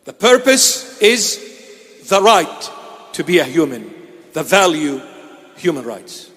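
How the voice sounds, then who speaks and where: A man's voice: fairly high pitch, sing-song, slow pace, a bit bright, long reverb tail. A man from Iraq giving an emphatic sermon, repeating phrases for weight. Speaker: bishop preaching. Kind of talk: sermon address. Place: church.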